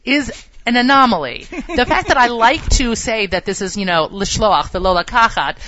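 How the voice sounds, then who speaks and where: A woman co-hosting a casual radio chat show, animated and jokey, laughing often. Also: on the high side, normal speed, muffled recording, slight background noise. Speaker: co-host.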